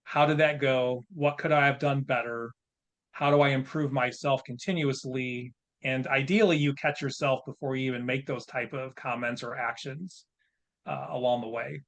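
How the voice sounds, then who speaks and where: A man's voice: mid-range voice, steady tone, normal speed, fairly bright tone. A man in his fifties, a podcast guest, telling a story in a frank, plain-spoken, self-reflective way.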